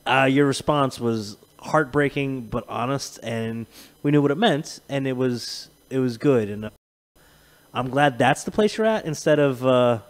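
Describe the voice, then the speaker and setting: A man hosting a podcast, chatting casually and profanely, telling animated stories and laughing often. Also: medium pitch, unhurried. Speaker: podcast host. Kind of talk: casual chat.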